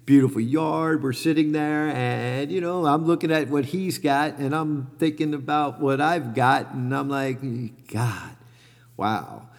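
A man's voice: medium pitch, darkish tone, big-room sound. A middle-aged man talking candidly about his life and mindset, rambling with many fillers and self-corrections. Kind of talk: reflective personal monologue.

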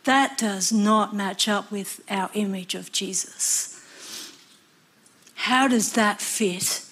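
A woman preaching a sermon, earnest and expressive, sometimes acting out the voices of people in her story. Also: medium pitch, slow, breathy edge. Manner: expressive, acts out voices and cries.

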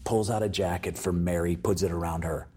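A man's voice: low voice, steady tone, a little fast, a little mellow, husky. A man telling a story as an interview guest, acting out the voices of the people in it.

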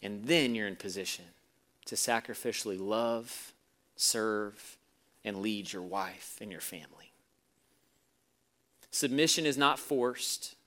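Delivering a sermon, this male pastor tells a story in the voices of its characters, swinging between quiet, low moments and loud, forceful ones. He takes his time and pauses often.

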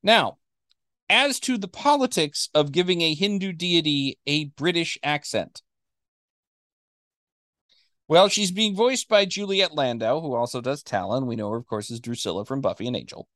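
A man co-hosting a casual podcast chat, animated, acting out characters he quotes. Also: on the high side, normal speed, no echo, clean studio sound. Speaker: podcast co-host.

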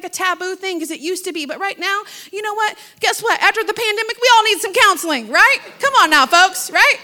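Woman preaching, high voice, bright tone, middle-aged, passionate and conversational, calls out to the congregation. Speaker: pastor's wife preaching. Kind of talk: sermon.

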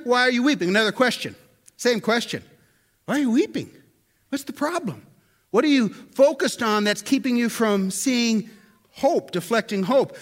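High-voiced man preaching with questions. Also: fairly bright tone. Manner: conversational preaching, asks the listeners questions; stumbles and repeats words. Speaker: pastor. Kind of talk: sermon.

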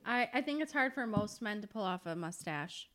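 A woman's voice: mid-range voice, animated, moderate pace, a bit bright. A woman co-hosting a podcast in casual chat, joking and chiming in with short agreements.

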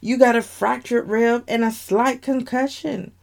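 A woman voicing a calm, reassuring male doctor at a hospital bedside. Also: a little high, unhurried, gravelly.

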